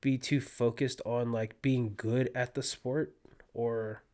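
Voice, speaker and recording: A young man from California, a guest on a podcast, telling a story in a casual, animated way and acting out his own quotes. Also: medium pitch, takes it slowly. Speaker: podcast guest, disc golfer.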